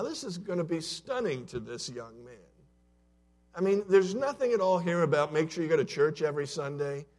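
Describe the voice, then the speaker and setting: A man preaching in a church, with a voice pitched a little above the usual for a man. He tells stories in a conversational way, rising loud and dropping soft. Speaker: pastor. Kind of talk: sermon. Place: church sanctuary.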